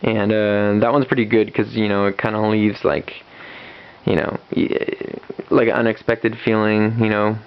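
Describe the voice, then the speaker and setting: A man's voice: on the low side, flat delivery, normal speed, clear, resonant tone. A man casually reviewing a comic book, retelling the story with lots of fillers and restarts. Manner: rambling, many fillers and restarts. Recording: dull lo-fi recording.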